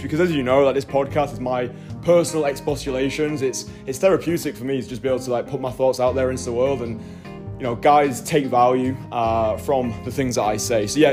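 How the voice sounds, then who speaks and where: A man hosting his podcast in a rambling, laddish monologue, swearing freely. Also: medium pitch. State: slightly out of breath. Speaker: podcast host. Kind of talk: casual monologue and chat.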